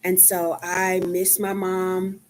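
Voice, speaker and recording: A woman in her fifties from Dallas with a Texan accent, chatting casually with viewers on a live stream, unhurried and full of ums. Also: fairly low pitch, monotone, slight background noise. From Dallas, Texas. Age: 50s. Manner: slow, chatty, many ums.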